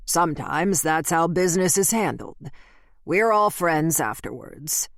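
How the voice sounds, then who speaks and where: A woman's voice: low-pitched, animated, a little slow, no echo. A brusque middle-aged man, tense and guarded, as a woman narrator puts him on. He answers short and evasive in a storybook reading, with the voice set apart from the narration. The recording is dry and close. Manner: curt and guarded. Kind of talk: audiobook character voice.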